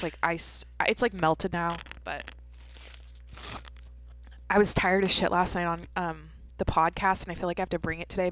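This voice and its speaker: A woman's voice: medium pitch, pushed and bright, no room sound. A young adult woman hosting a podcast, telling a story in rambling casual chat, swearing freely with many fillers and restarts. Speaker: podcast host.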